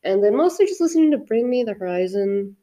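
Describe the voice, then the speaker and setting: A woman's voice: medium pitch, animated, fast, dark tone. A young woman co-hosting a casual podcast chat, rambling and blunt, swearing freely. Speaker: podcast co-host.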